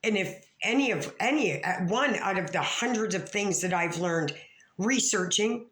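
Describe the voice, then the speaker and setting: A woman vlogger launches into a rambling, profane rant calling out other creators, stammering, restarting and swinging between low mutters and sharp outbursts. She's expressive and a little slow, recorded in an echoey room.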